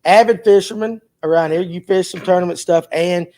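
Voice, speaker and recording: A man hosting a laid-back fishing talk show, with a voice that sits high for a man. He jokes through his introductions and fumbles with the setup. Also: brisk, mellow. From Georgia, USA. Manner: loose, joking, fumbling through technical hiccups. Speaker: podcast host. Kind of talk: casual chat.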